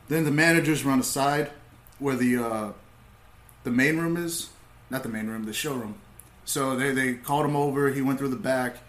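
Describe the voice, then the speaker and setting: A young man, a comedian, telling stories in laid-back casual talk, swearing freely and getting animated as he retells. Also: medium pitch, a little fast, echoey room. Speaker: comedian, podcast guest. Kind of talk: casual storytelling.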